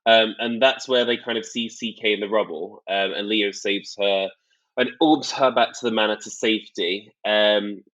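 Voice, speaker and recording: A man's voice: fairly low pitch, normal speed, muffled recording. A man co-hosting a podcast, chatting casually as he recaps a book and acts out the characters' quotes. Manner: animated storytelling, acts out quotes. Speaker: podcast co-host.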